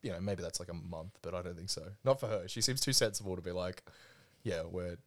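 A man's voice: low voice, fast. An Australian man co-hosting a casual film podcast, joking, laughing often and swearing freely. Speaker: podcast co-host. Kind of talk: casual chat.

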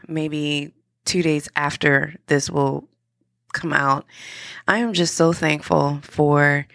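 A woman's voice: sits low, creaky, no echo, clean studio sound. A woman hosting a podcast, talking through an earnest, encouraging motivational monologue with frequent restarts. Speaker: podcast host.

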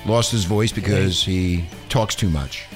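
A man's voice: low-pitched, measured pace, music in the background. A man hosting a crude talk radio show from a studio, teasing his co-hosts and laughing often. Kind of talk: crude casual radio banter.

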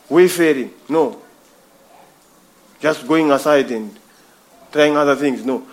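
High-voiced man preaching emphatically. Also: slow, pauses often. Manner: emphatic, repeats phrases, addresses listeners as brother. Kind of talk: sermon.

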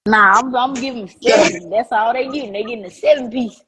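A woman's voice: fairly high pitch, brisk, a loud crowd, low-quality recording. A woman rapper chatting casually, confident and slangy. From Alexandria, US East Coast. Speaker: rapper guest. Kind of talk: casual chat.

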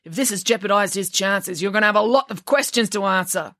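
A woman's voice: medium pitch, brisk, pushed and bright, no echo, clean studio sound, pitched above the performer's own voice, lightly acted. A woman voicing a burly middle-aged father who is demanding and angry.

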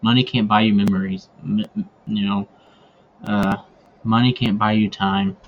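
Man, low voice, rambling casual storytelling, lots of fillers, dull lo-fi recording, faint background hiss. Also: level tone, moderate pace. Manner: rambling, many fillers and restarts. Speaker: podcast host.

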